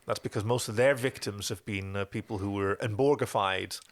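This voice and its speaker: A man's voice: lowish voice, fairly quick. A man co-hosting a podcast, recapping an episode in casual chat and acting out quotes from the scenes. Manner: animated, acts out quotes. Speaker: podcast co-host.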